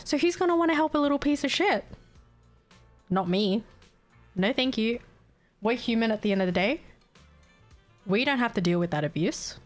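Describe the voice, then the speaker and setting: A woman's voice: on the high side, expressive, normal speed, pauses often, soft background music. A woman live streamer venting in a casual, heated and profane rant, breaking into laughter. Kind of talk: casual ranting chat.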